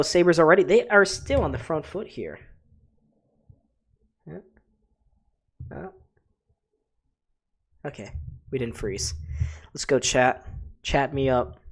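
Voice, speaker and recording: A man's voice: on the high side, animated, slow, creaky, long pauses. Chatty man calling live hockey play-by-play. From Buffalo area, USA. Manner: chatty, talks to his chat as "folks". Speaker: livestream host. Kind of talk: live play-by-play reaction commentary.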